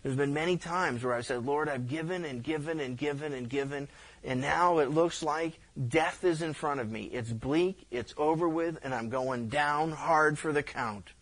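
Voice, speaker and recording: Animated, higher-voiced pastor preaching. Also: male voice, normal speed. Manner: conversational, animated storytelling with repeated restarts. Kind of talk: sermon.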